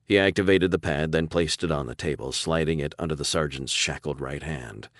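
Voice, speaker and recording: A man narrating an audiobook in a steady, deliberate storytelling manner. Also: a bass voice, no room sound, clean studio sound. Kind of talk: scripted narration.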